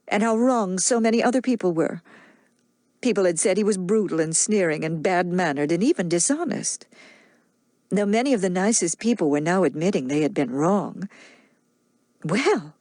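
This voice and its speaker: This audiobook narrator is a woman with a mid-range voice who tells the story evenly and with measure. There is no room sound, and the quality is studio grade.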